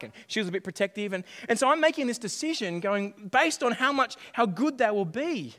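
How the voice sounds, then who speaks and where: A man in middle age delivers a sermon in a fairly high voice, lively and playful, doubling back on his words as he goes. His voice rings out with a long reverb, as if he is in a large church hall. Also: a little fast, few pauses. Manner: animated, jokey, repeats phrases. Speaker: pastor.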